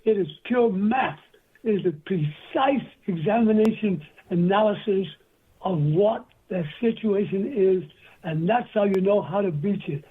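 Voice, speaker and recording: A man's voice: high voice, measured pace, breathy edge. An older man as an interview guest, telling rambling anecdotes and acting out other people's voices. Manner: rambling anecdotal storyteller, acts out quoted voices. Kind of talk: storytelling interview. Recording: tinny phone line.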